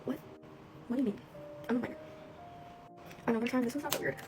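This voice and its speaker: A woman's voice: a little high, steady tone, fast talker, low-quality recording. A teenage girl working as a cashier, telling a chatty storytime full of fillers and bemused asides. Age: teens. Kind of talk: casual storytime. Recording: music playing behind the voice.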